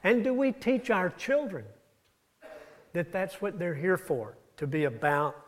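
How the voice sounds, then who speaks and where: A man's voice: expressive, unhurried. A man preaching a sermon, retelling scripture stories with his voice rising and falling for emphasis. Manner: storytelling, rises and drops in pitch and loudness. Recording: audio-only church recording.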